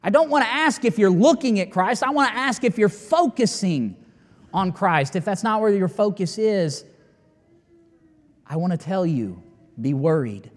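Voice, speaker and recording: A man preaching with a notably high voice, pressing his points hard and letting long pauses hang. His sermon rings out with a long, lingering reverb, as if filling a big church sanctuary. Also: very animated. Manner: emphatic, rising to near-shouting at climaxes with long dramatic pauses. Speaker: pastor. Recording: long reverb of a large hall.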